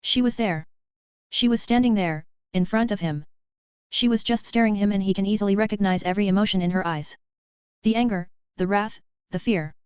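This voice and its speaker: A woman narrating a story in an even, steady reading voice. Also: mid-range voice, brisk, clean tone, no room sound, lo-fi sound. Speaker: audiobook narrator. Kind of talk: scripted narration.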